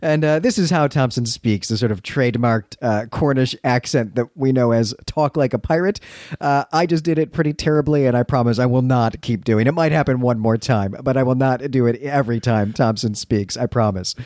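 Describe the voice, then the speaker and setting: A man's voice: mid-range voice, a little fast, darkish tone, no echo, clean studio sound. A man co-hosting a podcast, casually retelling a story's plot and breaking in with his own commentary. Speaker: podcast co-host. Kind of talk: casual literary discussion.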